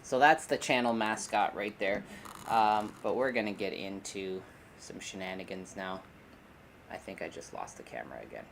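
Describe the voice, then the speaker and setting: A man's voice: on the low side, moderate pace, gravelly, fairly bright tone, a little hiss or hum. A man hosting a casual livestream from his hobby room, rambling and joking while he fixes his camera and talks to his dog. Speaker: livestream host.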